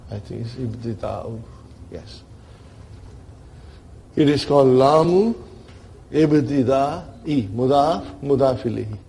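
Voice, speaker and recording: Gravelly, slow-talking male teacher. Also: mid-range voice, dark tone, slight background noise. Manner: checks in with the class often, acts out grammar as characters. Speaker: Arabic grammar teacher. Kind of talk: classroom lesson.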